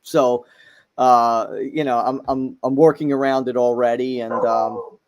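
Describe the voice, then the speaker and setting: A middle-aged man talking as a podcast guest, halting, with many fillers and restarts. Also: medium pitch, steady tone. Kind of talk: casual chat.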